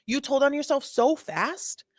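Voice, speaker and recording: A woman's voice: sits high, lively intonation, unhurried, no room sound, clean studio sound. A woman hosting a casual commentary on bodycam footage, sassy and exasperated, repeating her points. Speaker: host.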